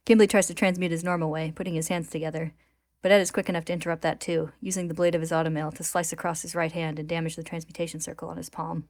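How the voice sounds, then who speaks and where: A woman reading a story recap aloud in a steady, even narration for a podcast. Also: sits low, rapid-fire, dry recording, clean studio sound. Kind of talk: reading a recap aloud, then casual chat.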